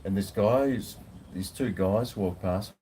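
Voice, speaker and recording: Low-pitched aussie bloke rambling on his veranda, laid-back, swears a bit. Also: measured pace, warm tone, a little hiss or hum. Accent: Australian. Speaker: food vlogger. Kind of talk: casual live chat. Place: outdoors on a home veranda.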